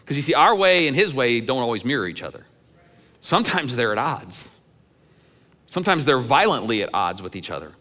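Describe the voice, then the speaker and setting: A man's voice: medium pitch, very animated, a little fast, sharp tone, long reverb tail. A middle-aged male pastor preaching in a church sanctuary, telling candid personal stories in a conversational way with some humor. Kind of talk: sermon.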